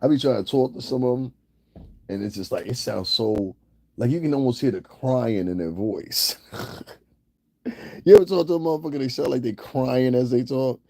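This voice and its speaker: Gravelly-voiced man roasting his chat. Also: medium pitch, normal speed, warm tone, no echo. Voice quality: crude, roasting, laughs often. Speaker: livestream host. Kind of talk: casual profane commentary to chat.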